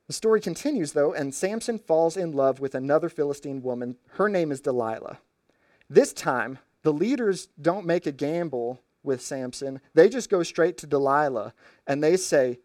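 Animated casual male preacher. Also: fairly high pitch, normal speed, dry recording, clean studio sound. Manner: conversational, animated retelling with slang asides. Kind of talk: storytelling sermon.

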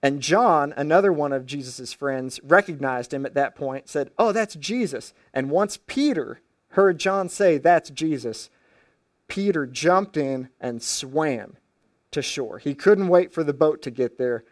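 A man's voice: fairly high pitch, unhurried, dry recording, studio quality. A man preaching a sermon as pastor, retelling stories in casual everyday phrasing with frequent restarts.

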